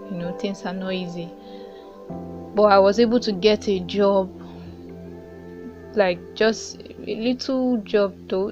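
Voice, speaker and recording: A woman's voice: medium pitch, darkish tone. A woman in her twenties tells her own story in a plain, reflective way. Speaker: guest sharing her story. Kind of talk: recorded personal story. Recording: dull lo-fi recording with faint music.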